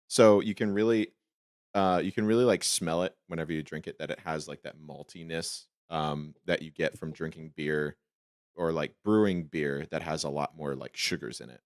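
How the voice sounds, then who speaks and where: A man with a very low voice hosts a casual podcast chat. He rambles, jokes and drifts off on tangents. The sound is dry and close. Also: moderate pace, no room sound. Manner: joking, rambling, playful voice shifts. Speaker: podcast host.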